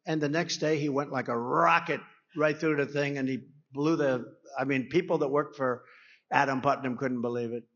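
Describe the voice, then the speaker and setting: A man's voice: mid-range voice, steady tone, moderate pace, a bit bright, highs cut off. A man giving a rambling, conversational campaign rally speech at a podium microphone, acting out quoted dialogue. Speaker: political speaker at a rally. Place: rally venue.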